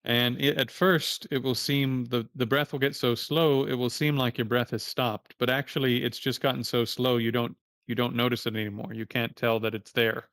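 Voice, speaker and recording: A man's voice: medium pitch, level tone, moderate pace, hardly any pauses, a bit bright, no room sound, clean studio sound. A man teaching a livestreamed meditation class in a casual, plain-spoken way, cursing now and then.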